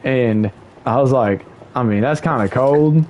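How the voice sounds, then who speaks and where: A young man chatting on a livestream in a mid-range voice, telling a rambling story full of slang and cursing. He gets animated and jumps higher in pitch whenever he quotes someone. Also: unhurried, slight background noise. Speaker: livestream host. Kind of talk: casual storytelling chat.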